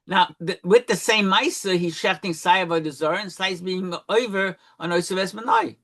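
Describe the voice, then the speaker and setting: A man's voice: high voice, a little fast, a bit bright. A man in a Talmud study session who explains patiently, confirms what his partner says and sums up the reasoning.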